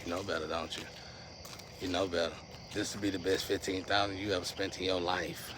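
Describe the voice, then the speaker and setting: A man's voice: deep voice, flat delivery, fairly quick, background noise. Rambling slangy man talking to viewers. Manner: rambling, slangy, restless swings in loudness. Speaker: vlogger. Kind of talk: casual monologue to viewers.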